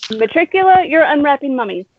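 Brisk woman setting up an improv scene. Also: high-pitched, big pitch swings, highs cut off. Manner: brisk, laughs easily. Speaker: scene organizer giving points. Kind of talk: improv game hosting.

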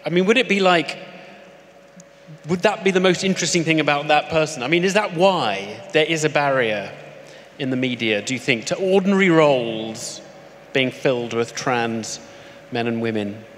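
Probing male host, higher voice. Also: animated, normal speed, fairly bright tone. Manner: probing, provocative questioning. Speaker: host and journalist. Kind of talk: live on-stage interview. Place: stage at a live event. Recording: long hall reverb, faint noise.

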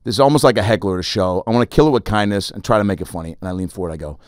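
A man hosting a podcast, telling a story in a casual, animated way and acting out the people in it. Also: lowish voice, racing, dry recording, clean studio sound. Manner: animated, acts out other people in his stories. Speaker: podcast host.

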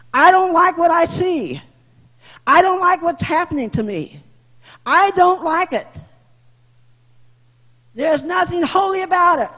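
A woman leads a Sunday school lesson in a church. Her husky, middle-pitched voice stays folksy and candid, circling back over her own phrases. The recording is muffled, and the room's echo lingers. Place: church classroom. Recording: muffled reverberant room recording.

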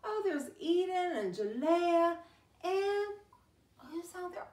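Slow, sing-song woman teacher reading aloud. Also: high-pitched. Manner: animated, gasping and exclaiming, speaks slowly and sing-song to young children. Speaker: teacher reading a picture book to children. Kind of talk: storytime read-aloud lesson. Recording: roomy, from a distance.

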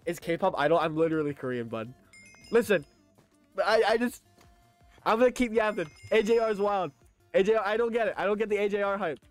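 A man's voice: high voice, animated, a little fast, faint music behind. A young man streaming a game, chatting casually and ranting in rambling reactions to his chat.

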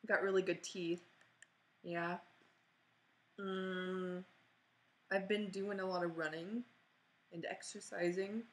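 A woman's voice: fairly low pitch, flat delivery, slow, long pauses, rough recording. Awkward rambling woman vlogging at home. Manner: awkward, self-mocking, rambling. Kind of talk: rambling apology vlog. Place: at home with her dog. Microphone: computer mic.

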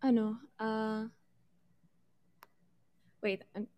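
A young Filipino woman with a fairly high voice chats on a live stream, full of giggles and little hesitations. She drifts between English and Tagalog in a loose, easygoing way. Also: little pitch movement, extremely slow, a little mellow. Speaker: guest. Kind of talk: casual live-stream chat.

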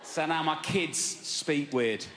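Cheeky South East London comic. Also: male voice, a little high, slow pace. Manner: brash, cheeky, punchy. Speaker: stand-up comedian. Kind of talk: stand-up routine. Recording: live club, loud crowd laughter.

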